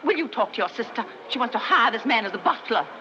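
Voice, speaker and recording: A woman's voice: on the high side, animated, quick pace, pushed and bright. An actress playing a flighty, fussy, snobbish society mother with a twittering, fluttery manner, in 1930s screwball film acting. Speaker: film character. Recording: muffled 1930s film soundtrack with faint hiss.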